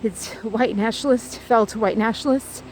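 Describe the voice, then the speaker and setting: A woman's voice: fairly high pitch, steady tone, fairly quick, darkish tone, slight background noise. A woman vlogging as she walks outdoors on a trail, recording on a handheld phone. She talks in a loose, rambling way, full of fillers and restarts. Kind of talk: rambling walking vlog.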